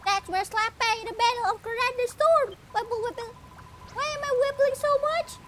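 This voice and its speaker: A high, squeaky little sea creature chirps along with a nervous, rambling edge, as a woman reading game lines puts it on. The voice sits very high and skips about quickly. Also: fairly bright tone, a little hiss or hum. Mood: jittery.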